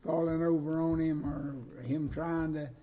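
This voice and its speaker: A man's voice: fairly high pitch, little pitch movement, measured pace, crowd noise. A man, co-hosting a casual faith talk and making folksy, homespun comparisons.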